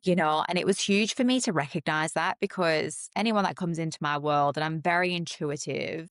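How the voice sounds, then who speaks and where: A woman's voice: sits low, moderate pace, no echo, clean studio sound. A middle-aged woman, a holistic psychologist speaking candidly and emotionally as a podcast guest. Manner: earnest, emotional, reflective.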